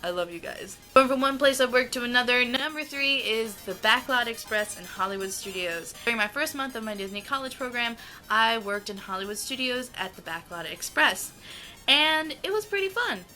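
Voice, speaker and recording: In a low-quality clip with soft music behind her, a young adult American vlogger enthusiastically gushes over her favorite foods. Her slightly high voice is expressive and sharp, and she draws out many words.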